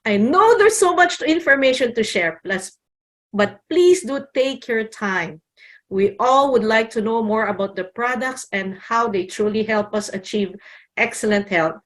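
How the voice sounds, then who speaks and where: A woman's voice: a little high, animated, measured pace, fairly bright tone. A woman hosting an online call, giving a polite, gracious welcome to a guest speaker. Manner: polite, gracious introduction with a small restart. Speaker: host introducing a guest.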